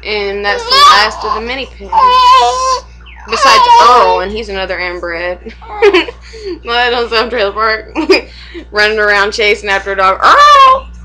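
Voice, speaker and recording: A woman's voice: mid-range voice, measured pace, low-quality recording. A young woman and mother chatting casually at home for a vlog, rambling, swearing freely and laughing often.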